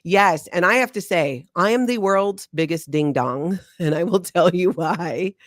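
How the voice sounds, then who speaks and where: A woman co-hosting a casual chat, reading reviews aloud in an animated, self-mocking way with frequent laughs. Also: fairly low pitch, a little slow, no echo, studio quality. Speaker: co-host, former member discussing the church.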